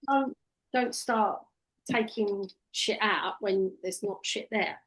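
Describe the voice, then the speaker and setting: A woman coaching a trainee one-to-one. Her voice sits at a middle pitch, and she talks direct and practical, dropping into a softer, soothing tone when she quotes what she tells clients. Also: slow. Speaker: hypnotherapy trainer. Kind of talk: casual one-to-one teaching.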